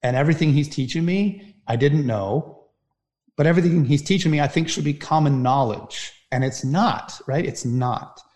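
A man telling an earnest, halting personal story as an interview guest. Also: a little high, darkish tone. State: near tears at times. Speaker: firefighter guest.

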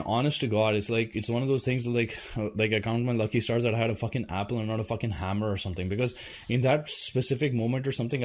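A man telling a personal story to his viewers in a loose, rambling way, swearing often and full of fillers and restarts. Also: mid-range voice. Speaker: vlogger. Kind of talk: casual storytelling to camera.

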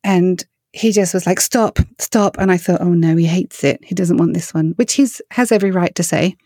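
A middle-aged woman with an English accent, a worship singer answering interview questions with earnest, storytelling warmth. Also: lowish voice, a little fast, no room sound, clean studio sound. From England. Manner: earnest, storytelling, animated when quoting others.

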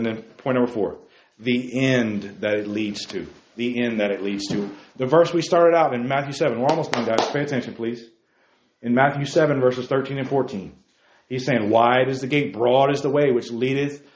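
Man preaching emphatically in a roomy hall. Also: medium pitch. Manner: emphatic, repeats key phrases, addresses listeners by name. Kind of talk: sermon to young men. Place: church room with a group. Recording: roomy, dull lo-fi recording with faint noise.

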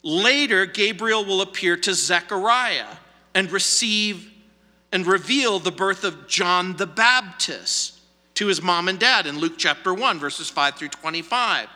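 A man with a high, sharply bright voice preaches verse by verse. He takes his time, asks the text questions and hammers points home by repeating words. His voice rings on in the long reverb of a church sanctuary. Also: expressive, unhurried. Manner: poses rhetorical questions and answers them; emphatic repetition for stress. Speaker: pastor. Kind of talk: verse-by-verse sermon.

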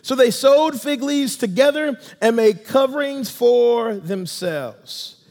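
A man's voice: very high-pitched, takes it slowly, a little mellow. A male pastor preaching a sermon emphatically and calling on the congregation to respond. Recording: long reverb of a large room.

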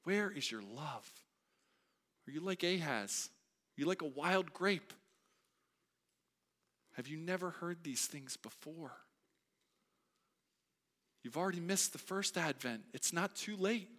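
A man preaching a sermon as a pastor, moving between quiet reflection and loud, emphatic delivery. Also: a little high, unhurried, long pauses. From United States. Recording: long hall reverb.

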